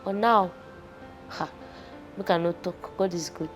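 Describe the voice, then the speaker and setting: A young Nigerian woman with a lowish voice talks as a guest, animated and emotional, slipping into Pidgin as she goes. Faint music plays behind her. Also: unhurried. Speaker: guest, fashion entrepreneur. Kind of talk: casual chat.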